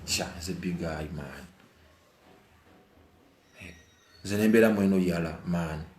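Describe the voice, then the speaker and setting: A man's voice: a little slow, a little mellow. Emphatic Ugandan man, roomy echo. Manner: emphatic, repeats phrases over and over; mixes heated outbursts with low murmurs. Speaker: musician. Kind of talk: emotional monologue to camera.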